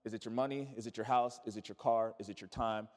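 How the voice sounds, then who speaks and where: A man's voice: on the low side, fairly even intonation, fast, a little mellow. A man, a pastor, preaching a sermon with emphatic repetition and call-and-response to his congregation. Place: church sanctuary. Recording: echoey church hall.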